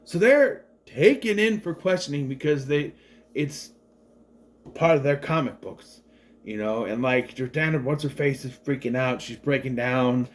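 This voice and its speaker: A man with a medium-pitched voice, speaking a little slowly, gives a casual, chatty movie review. He rambles with lots of fillers and restarts and animatedly acts out the characters' lines.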